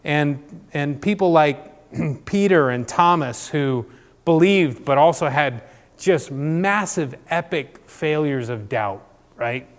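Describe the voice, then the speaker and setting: A man's voice: on the high side, animated, takes it slowly, in a large hall. A man giving a conversational sermon, chatty and often checking in with "right?". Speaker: church speaker.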